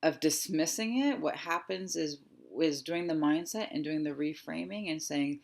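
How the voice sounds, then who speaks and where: Soft-spoken woman in her thirties. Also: low-pitched, gravelly. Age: 30s. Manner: soft, slow and reflective, with pauses. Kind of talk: guided reflective talk.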